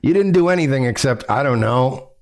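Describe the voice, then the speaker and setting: A man's voice: medium pitch, animated, a little fast. A man hosting a reaction commentary show, talking in a sarcastic, mocking and profane way.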